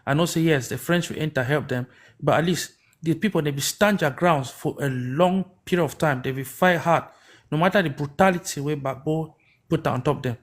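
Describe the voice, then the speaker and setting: A man's voice: a little high, a little fast. A man from Cameroon with a Cameroonian Pidgin English accent, giving rambling political commentary on a livestream, full of restarts and rhetorical questions. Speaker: livestream host.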